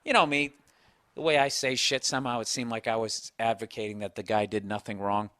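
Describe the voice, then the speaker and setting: A man's voice: fairly low pitch, steady tone, a little fast, sharp tone, dry recording. A man hosting a podcast, talking in a blunt, profane, ranting way, mocking himself as he goes. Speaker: podcast host. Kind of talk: casual chat.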